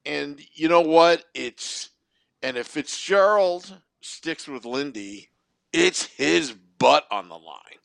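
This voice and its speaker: A man co-hosting a casual sports podcast, wry and measured. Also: fairly high pitch, lively intonation, creaky, fairly bright tone, no room sound. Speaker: podcast co-host.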